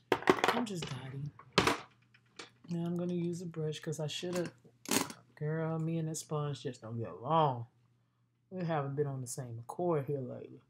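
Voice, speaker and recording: A woman's voice: deep voice, noisy background. A woman vlogging her makeup routine in a playful, chatty way, talking straight to her viewers. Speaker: beauty vlogger. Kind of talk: casual makeup tutorial chat.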